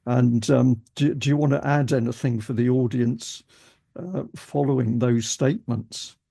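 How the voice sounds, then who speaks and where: A man's voice: medium pitch, measured pace, vocal fry, warm tone, breathy edge. A man from Britain hosting a political interview, talking in a hesitant way with frequent restarts. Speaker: host, interviewer.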